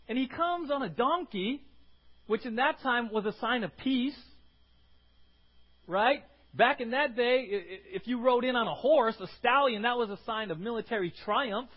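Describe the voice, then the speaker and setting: A man preaching to his congregation in an animated way, often checking in with "right?" and bursting into acted shouts. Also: extremely high pitch, normal speed. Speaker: pastor. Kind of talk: sermon. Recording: muffled lo-fi sermon recording.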